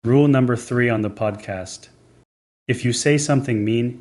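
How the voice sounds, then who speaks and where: A man's voice: medium pitch, moderate pace, a little mellow. A man hosting a family podcast as the dad, chatting in a casual, teasing way with a mock news-anchor flair.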